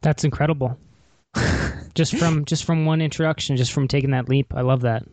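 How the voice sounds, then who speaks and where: A man's voice: mid-range voice, steady tone, moderate pace, darkish tone, dry recording. A man hosting a podcast in a casual chat, rambling and restarting with many fillers. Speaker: podcast host.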